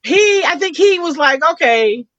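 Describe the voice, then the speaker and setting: Woman podcast co-host, casual storytelling, acts out the quotes, high voice, dry muffled mic. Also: a little slow, dry recording. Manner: animated, acts out quotes with big pitch jumps.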